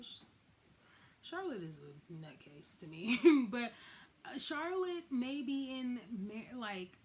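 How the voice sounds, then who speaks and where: A woman's voice: fairly high pitch, a little hiss or hum. A woman giving a casual, slangy recap of a TV episode, acting out the characters' lines as she goes. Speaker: recap vlogger.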